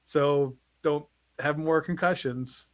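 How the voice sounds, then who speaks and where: Animated man telling a story, dry sound. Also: on the high side, takes it slowly, no room sound. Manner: animated, acts out quoted voices, swears. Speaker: podcast co-host. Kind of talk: casual storytelling chat.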